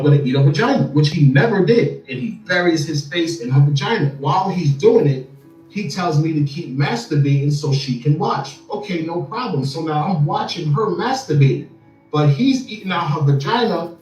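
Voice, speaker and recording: A man telling a long story as an interview guest, animated and often repeating words as he starts sentences. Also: on the high side, moderate pace. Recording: echoey room, far from mic, faint music.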